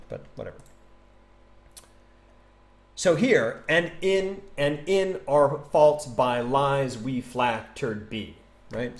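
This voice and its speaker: A man casually teaching a poem on a livestream, chatty and animated, thinking aloud and tapping out rhythms. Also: medium pitch. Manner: taps out rhythm with nonsense syllables. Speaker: streamer explaining a poem.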